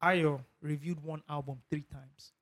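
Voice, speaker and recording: A man's voice: a little high, fairly even intonation, unhurried. A Nigerian man co-hosting a casual podcast chat, telling stories with animation and slipping into pidgin and swearing. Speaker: podcast co-host.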